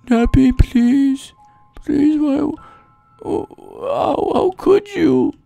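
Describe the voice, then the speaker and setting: Brief: a woman putting on a weepy baby boy, high and sobbing, guilt-tripping, lilt swinging wildly. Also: expressive, extremely slow, vocal fry, warm tone, no echo, soft background music, exaggerated voice. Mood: whiny pleading. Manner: high whimpering, pleading sobs. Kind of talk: mock voice while streaming a game.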